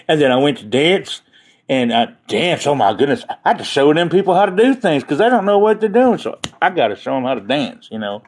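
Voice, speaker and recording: A man's voice: fairly high pitch, big pitch swings, fairly quick, breathy edge. A man chatting casually on a live stream, rambling and joking as he talks to his viewers.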